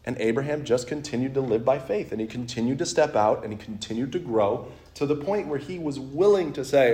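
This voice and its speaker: A man's voice: mid-range voice, a little fast, hardly any pauses. A man preaching a sermon in a conversational way, telling stories and acting out quotes. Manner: conversational, animated storytelling with acted-out quotes.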